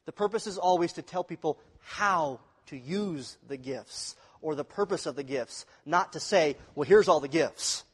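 A pastor giving a sermon in a conversational way, asking the congregation questions. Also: male voice, a little high, moderate pace, few pauses, slightly rough, in a large hall.

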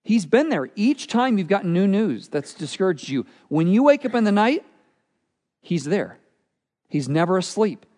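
Animated man preaching in reverberant hall. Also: high-pitched, moderate pace. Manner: earnest, expressive preaching with dramatic drops in volume. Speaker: pastor. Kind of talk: sermon.

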